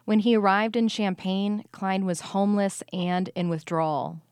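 A woman reporter giving scripted news narration in a measured, even delivery. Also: mid-range voice, smooth, no echo, studio quality.

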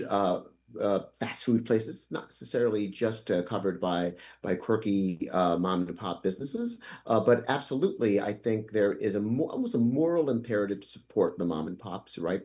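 A man speaking as a guest author on a radio interview, answering thoughtfully in a halting way with many pauses and restarts. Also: lowish voice, warm tone.

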